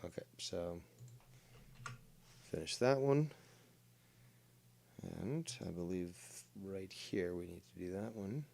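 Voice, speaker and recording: A man's voice: deep voice, slow pace, vocal fry, long pauses, a little mellow, a little hiss or hum. A man streaming a strategy game, thinking aloud with many fillers and making crude, sarcastic remarks. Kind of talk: live gaming commentary.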